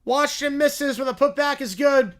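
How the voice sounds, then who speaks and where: Streaming live play-by-play of a basketball game, this man has a tired, strained voice that cracks repeatedly, and he speaks at normal speed. During the action he races along, loud and excited; between plays he replies to viewers in softer, lower tones.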